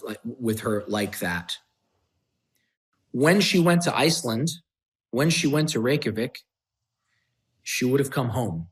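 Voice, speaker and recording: A man's voice: mid-range voice, a bit bright. A middle-aged man, a guest on an interview show, telling candid stories in a blunt, emphatic way with frequent swearing. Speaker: podcast guest, entrepreneur. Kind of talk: candid storytelling.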